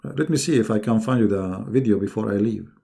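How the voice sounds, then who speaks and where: A man hosting a livestream, talking casually with a mocking, sarcastic, animated manner. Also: lowish voice, quick pace, vocal fry. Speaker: livestream host.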